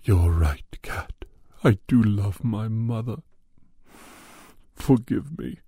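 Man doing a slow, husky, mournful Grinch. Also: on the low side, expressive, warm tone, dry recording, studio quality, exaggerated voice. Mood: repentant. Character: lonely self-pitying male Grinch who repents.

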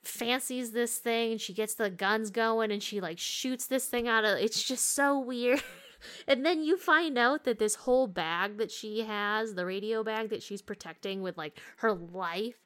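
A woman's voice: on the high side, unhurried, fairly bright tone. A young woman talks casually on a podcast, recapping a movie in a candid, laughing way. She swears freely and keeps a loose, unscripted chat going. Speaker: podcast host.

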